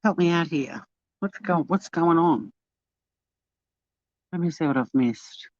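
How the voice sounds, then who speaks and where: A woman's voice: low voice, expressive, slow pace, darkish tone, no room sound. Aussie woman rambling to her livestream chat outside a cafe, dull lo-fi phone mic, dry. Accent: Australian. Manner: chatty, bubbly, talks to chat while walking. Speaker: live streamer. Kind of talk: casual live-stream chat. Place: outdoors at a beachside cafe.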